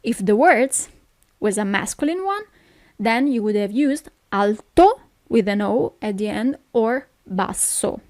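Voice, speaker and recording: A woman's voice: medium pitch, animated, unhurried, darkish tone, dry recording, clean studio sound. A woman from Italy with an Italian accent, teaching a language lesson, who explains things patiently and keeps checking in with "okay?".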